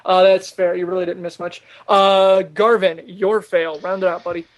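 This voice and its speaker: Podcast host, high male voice, animated and exasperated, quick to laugh. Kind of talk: casual chat.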